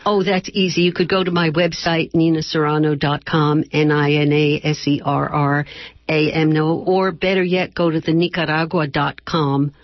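A woman author reading her novel aloud slowly and measuredly, then chatting as a radio guest. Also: sits low, flat delivery, dry recording, highs cut off. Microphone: radio studio microphone.

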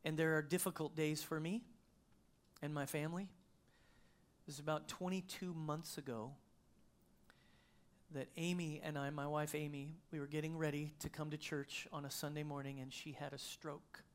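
A man's voice: a little high, little pitch movement, normal speed. A middle-aged male pastor preaching a sermon, telling a personal story in a conversational way with frequent restarts.

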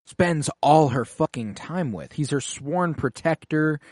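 A man's voice: on the high side, unhurried, a little mellow, dry recording, clean studio sound. A man in casual podcast chat, retelling TV episodes loosely, with lots of fillers and swearing. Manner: loose, profane storytelling with many fillers. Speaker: podcast co-host.

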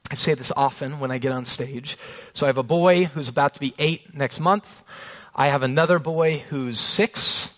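A man in his thirties preaching a sermon, earnest, slowing down on key phrases and telling family stories along the way. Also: medium pitch, a bit bright, low-quality recording. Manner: storytelling with family anecdotes. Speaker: pastor.

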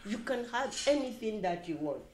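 Her voice is on the high side and sing-song, moving at a moderate pace, with a faint hiss or hum in the background. This older interviewee speaks English with a foreign accent, telling warm stories in relaxed conversation, full of "you know" and restarts.

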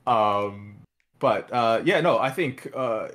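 A man's voice: medium pitch, animated, slow pace, a bit bright. A man chatting casually on a podcast livestream, feeling his way through his thoughts in hesitant bits. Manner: hesitant, many fillers and restarts. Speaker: podcast player.

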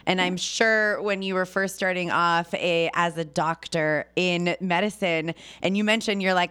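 A woman's voice: on the low side, steady tone, measured pace, few pauses, a bit bright, smooth. Chatty woman podcast host. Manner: chatty, laughs often, says "like" a lot. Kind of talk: conversational interview.

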